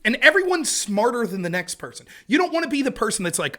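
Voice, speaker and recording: Animated, fast-talking man telling stories. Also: sits high. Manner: fast, energetic storytelling with lots of asides. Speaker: interview guest, debate show host. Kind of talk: casual conversational interview.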